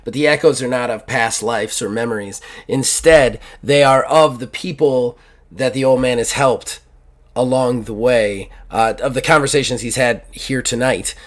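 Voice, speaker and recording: A man's voice: mid-range voice, normal speed. A male host running a journaling tabletop game, rambling and enthusiastic with many fillers.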